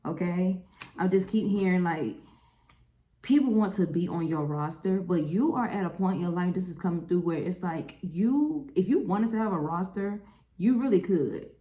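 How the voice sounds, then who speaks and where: A woman's voice: fairly low pitch, moderate pace, roomy sound. Chatty woman doing a tarot reading. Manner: chatty, animated, lots of "okay?" and "y'all". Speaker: tarot reader. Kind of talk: casual tarot reading to camera.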